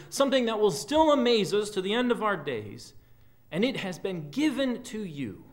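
A man preaching a sermon as a pastor in a church, earnest and often dropping quiet at the ends of phrases. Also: sits high. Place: church sanctuary.

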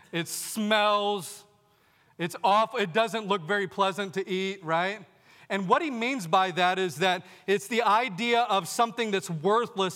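A man's voice: high-pitched, pushed and bright. A man preaching a sermon to his congregation, firing rhetorical questions at his listeners. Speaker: pastor. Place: church sanctuary. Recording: long reverb of a large hall.

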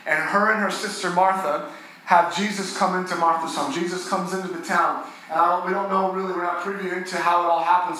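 A male pastor with a high, bright voice delivers an earnest sermon. His voice swells on key lines and sinks soft and low on tender moments. It rings through a very echoey church hall, with faint noise underneath.

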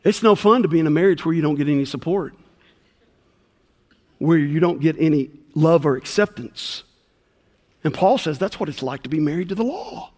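A man's voice: a little high, moderate pace, pauses often. A man preaching a sermon as pastor, telling a story and acting out the voices of the people in it. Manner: animated storyteller, acts out voices in his tale. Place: church sanctuary. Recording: long hall reverb.

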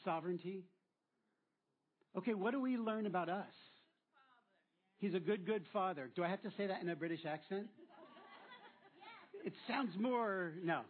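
A man's voice: high-pitched, moderate pace, pauses often, breathy edge. A man preaching a sermon as pastor, drawing answers from the congregation and repeating them back with encouragement. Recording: tinny phone-like sound.

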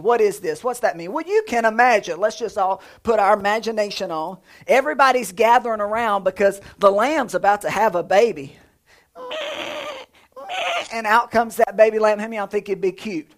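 Man preaching with lively delivery. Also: high-pitched, moderate pace. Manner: lively, conversational preaching with jokes and sound effects. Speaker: pastor. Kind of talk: sermon.

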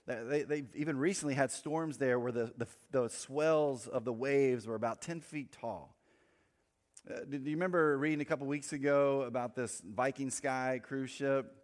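A man preaching a sermon with an easy, conversational delivery, dropping in quick humorous asides. His voice sits at an ordinary middle pitch, and it rings out with a long reverb, as if recorded in a large hall. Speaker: pastor.

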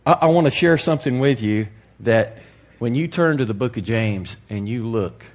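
A man preaching to a congregation in a candid, folksy way, dropping to a hush and then rising to loud emphasis. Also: medium pitch, expressive, normal speed. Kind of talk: sermon.

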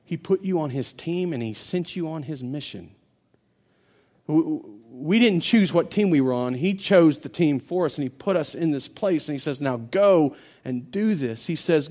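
Guy preaching a sermon, fairly high voice, gets loud and fired up, stumbles and repeats words. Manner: impassioned preaching that builds to near-shouting climaxes; frequent restarts and repeated words. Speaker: pastor.

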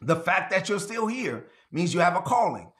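A man preaching a sermon to a livestream audience, emphatic, slowing down to stress key words. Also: high-pitched, very animated, fairly bright tone. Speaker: pastor.

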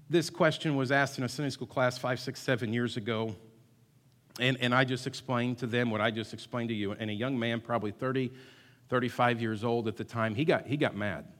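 A male pastor delivers a sermon in an emphatic way, repeating his key words and at times urging the congregation to answer him. His voice sits in a middle pitch. The sound carries the long reverb of a church hall. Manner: emphatic, builds to loud call-and-response, repeats words. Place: church sanctuary.

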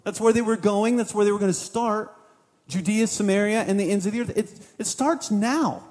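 A man's voice: high-pitched, moderate pace, a little mellow, in a large hall. A man preaching a sermon as pastor, casual and conversational, voicing what the disciples might have thought.

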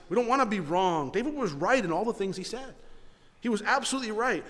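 A pastor delivers an animated sermon in a high, bright-edged voice, stumbling over repeated words as he drives ahead. The sound carries a long church-hall echo. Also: quick pace.

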